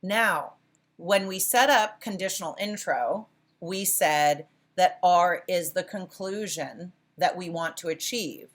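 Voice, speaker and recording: A woman's voice: on the low side, takes it slowly. A woman instructor leading a class, encouraging her students and often praising and restarting her sentences. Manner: self-correcting restarts. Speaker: college philosophy instructor. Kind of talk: interactive class lecture.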